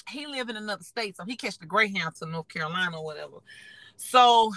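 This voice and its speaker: A woman's voice: medium pitch, animated, fast talker, fairly bright tone, no room sound, low-quality recording. A young woman, chatting frankly and profanely as a podcast co-host, often laughing as she tells stories. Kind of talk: casual chat.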